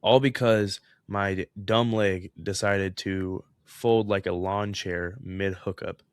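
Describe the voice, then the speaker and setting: Young guy on a podcast, animated storyteller, laughs a lot, dry close mic. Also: sits low, takes it slowly, smooth, no room sound. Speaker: podcast co-host. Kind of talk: casual chat, reading a story aloud.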